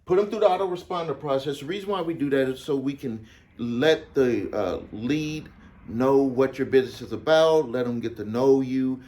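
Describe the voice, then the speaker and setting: A man's voice: medium pitch, darkish tone. A man coaching small business owners, telling a client story casually to camera, often repeating phrases for emphasis.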